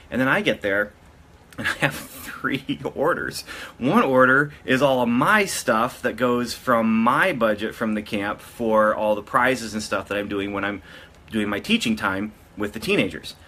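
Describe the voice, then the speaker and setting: A man talks to the camera in a relaxed, storytelling way, often circling back and correcting himself mid-sentence. His voice sits a bit low but has a bright, forceful edge. A faint hum of noise sits behind him. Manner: rambling, with frequent restarts and self-corrections. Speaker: vlogger. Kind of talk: casual storytelling.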